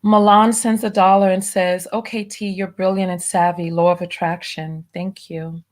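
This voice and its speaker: A woman hosting a live stream, reading out viewer donation messages and softly thanking each one. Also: mid-range voice, flat delivery, normal speed. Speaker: livestream host.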